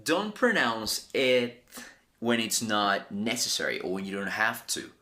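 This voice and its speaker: A man's voice: lowish voice, lively intonation, a little slow, pushed and bright. A man teaching an English pronunciation lesson, enthusiastic and emphatic, repeating words for learners. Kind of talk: language lesson.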